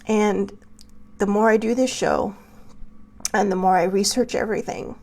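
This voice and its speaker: A woman hosting her own show, speaking with tearful anger in impassioned personal commentary, moving between soft near-whispers and raised outbursts. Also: mid-range voice, fairly even intonation, moderate pace. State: tearful, angry. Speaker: show host.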